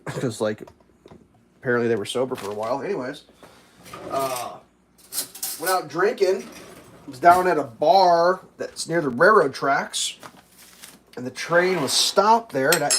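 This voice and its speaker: Over slight background noise, a livestream host with a somewhat high voice rambles through a story while making breakfast. He swears and laughs as he tells it, casual as he cooks.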